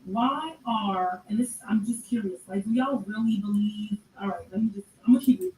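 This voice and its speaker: A woman giving casual commentary in a sarcastic, conversational way, with drawn-out asides. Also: medium pitch, a little mellow. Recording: echoey room, distant mic, faint noise.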